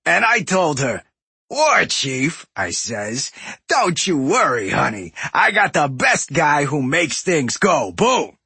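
A man doing a greedy goblin boss, raspy and abrasive, booming, slow drawling bluster, husky breathy tone, dry close sound, audiobook. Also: sing-song, pushed and bright, dry recording, full character voice. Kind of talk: audiobook character voice.

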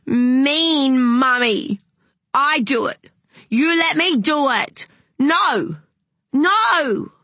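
A woman voicing a small boy throwing a whiny, shrieking tantrum, with a breathy voice. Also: high voice, lively intonation, extremely slow, pushed and bright, no echo, pitched above the performer's own voice, exaggerated voice. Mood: furious.

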